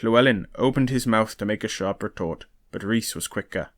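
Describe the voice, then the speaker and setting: A man with a fairly low voice reads a historical novel aloud, narrating in a steady, even storytelling manner. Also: fairly quick. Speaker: audiobook reader.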